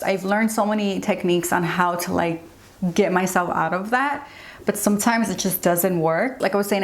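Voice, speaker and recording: A young woman talking candidly to her viewers in a get-ready-with-me beauty vlog, earnest and open, rambling with lots of "like"s. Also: medium pitch. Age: young adult. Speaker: beauty vlogger.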